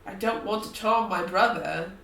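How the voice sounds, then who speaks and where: A woman's voice: medium pitch, moderate pace, vocal fry, fairly bright tone, slight background noise. A woman playing a curious, playful young spellcaster in a tabletop game, eager and casually swearing. Her voice is picked up from a distance in a roomy space. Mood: reluctant. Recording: roomy distant mic, faint ambience.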